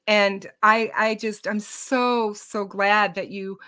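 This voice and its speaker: A woman hosting a true crime channel, talking on a livestream over a video call in a reassuring way, slowly and with hesitations. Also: mid-range voice, steady tone, sharp tone, clear, resonant tone. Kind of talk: casual livestream chat.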